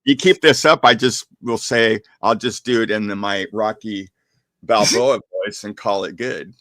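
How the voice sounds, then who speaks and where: Grumbling, low-voiced man. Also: unhurried, a bit bright, no room sound. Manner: grumbling, teasing. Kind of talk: casual live-stream chat.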